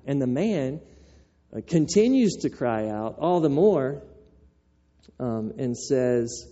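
A man preaching a sermon as pastor, telling the story in a conversational, animated way, on a dull lo-fi recording. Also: medium pitch, takes it slowly.

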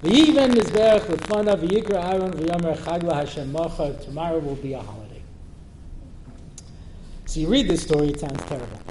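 A man giving a Torah class as a rabbi, telling the story with animated humor and translating Hebrew verses as he goes. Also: fairly high pitch, brisk. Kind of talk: Torah lecture with humorous asides. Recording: roomy lecture-hall recording with faint noise.

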